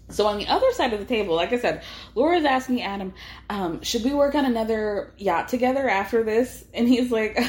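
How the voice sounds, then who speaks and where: Lively chatty woman podcast host. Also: on the high side, unhurried. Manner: chatty, acts out quotes with laughs. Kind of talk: casual recap chat.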